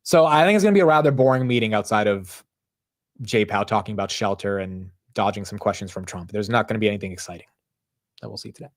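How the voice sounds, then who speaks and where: Speaking fast in a lowish voice, a young man runs a stock market livestream in a casual, rambling, animated style, constantly dropping "bro" and "dude."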